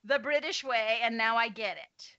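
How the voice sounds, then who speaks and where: An American woman co-hosting a podcast in casual chat, animated and quick to laugh. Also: on the high side, no room sound, dull audio. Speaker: podcast co-host.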